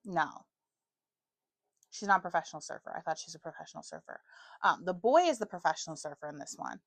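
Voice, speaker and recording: A woman's voice: on the low side, expressive, fast talker, dry recording. Chatty young woman with a dry voice. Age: 20s. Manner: chatty, self-mocking, stumbles over words. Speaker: book vlogger. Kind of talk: casual chat to camera.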